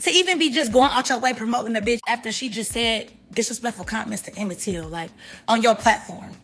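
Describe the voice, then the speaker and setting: A woman's voice: on the high side, a little fast, fairly bright tone. Angry ranting woman, cursing, lecturing, faint music behind. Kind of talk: angry profane rant.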